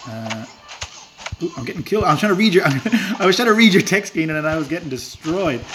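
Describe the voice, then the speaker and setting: Against a noisy background, a man from Ireland with a rural accent chats casually during a gaming live stream, his voice a little high, animated, and brisk. He's rambling and self-deprecating, full of filler words and chuckles.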